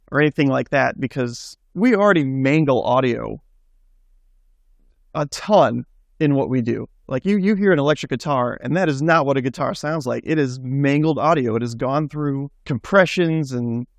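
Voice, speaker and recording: A man's voice: on the high side, no room sound, studio quality. A man, a musician, chatting casually to his viewers as he answers a question. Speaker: musician and channel host. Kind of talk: casual vlog talk to camera.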